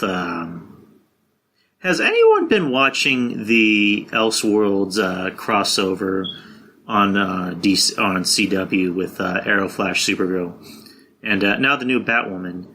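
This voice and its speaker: A man's voice: lowish voice, sharp tone. A young man hosting his own podcast alone, chatting casually and rambling with lots of fillers, restarts and swearing. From San Antonio, Texas. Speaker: podcast host. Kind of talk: casual solo podcast chat.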